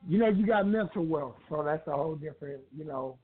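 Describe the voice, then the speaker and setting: A man's voice: on the high side, lively intonation, a little fast. A man calling in to a talk show, chatting casually in a laid-back, slangy way and laughing often. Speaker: caller. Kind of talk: casual call-in chat. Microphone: phone. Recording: gravelly voice over phone line.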